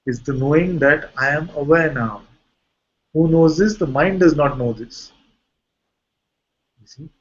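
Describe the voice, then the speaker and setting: A man with an Indian accent, a spiritual teacher giving a satsang talk in a calm, searching way. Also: a little high, unhurried, pauses often, dull audio. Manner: calm, searching explanations with soft laughs.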